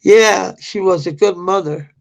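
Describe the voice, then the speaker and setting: A man's voice: sits high, a little slow, vocal fry. A middle-aged man telling a personal story in a rambling, profane way, with bitter outbursts.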